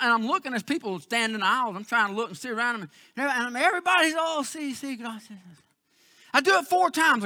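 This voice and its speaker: A man preaching a sermon as pastor, telling a story with emphatic, then hushed, emotional delivery. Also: extremely high pitch, no echo, clean studio sound.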